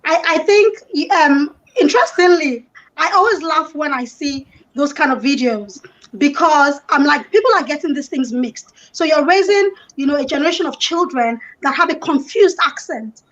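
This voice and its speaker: A woman from Nigeria with a Nigerian accent, a panel guest who explains her views in a measured way, often saying "you know". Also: high-pitched, a bit bright, dull audio. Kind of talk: online panel discussion.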